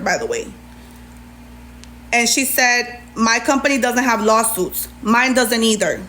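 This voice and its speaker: A woman's voice: a little high, fairly bright tone. A woman, ranting heatedly on a livestream and retelling an argument with plenty of sass. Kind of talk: livestream rant.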